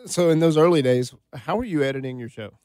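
A man's voice: a little high, brisk, mellow, no echo. A man interviewing a guest with short, friendly, casual questions.

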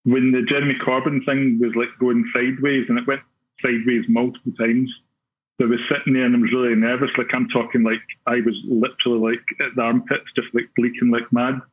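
Glaswegian guest storyteller, husky, tinny phone-like line, rambling and self-deprecating. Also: male voice, medium pitch, little pitch movement, brisk. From Scotland. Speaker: podcaster guest. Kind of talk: casual storytelling.

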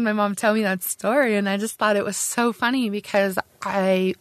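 A middle-aged woman veteran tells her story in an earnest, conversational way, pausing on fillers and restarting her sentences. The recording is close and dry, with no room sound, and her pitch sits in an ordinary middle range. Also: fairly even intonation, dry recording. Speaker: army veteran recounting service. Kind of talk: personal oral history storytelling.

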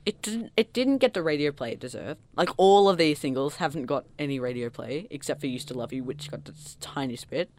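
A podcast co-host in casual chat, talking fast and bursting into loud mock quotes. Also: medium pitch, animated. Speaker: podcast co-host reviewing an album.

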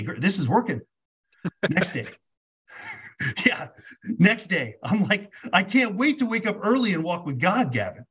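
A man's voice: on the high side, husky. A man, a podcast guest, telling a personal story casually, acting out both sides of conversations with lots of "like". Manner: animated storyteller acting out dialogue, many "like"s.

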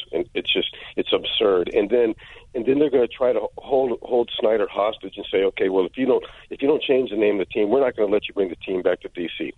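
A man's voice: deep voice, no echo. Stammering worked-up man on a phone line. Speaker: caller. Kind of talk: call-in radio talk.

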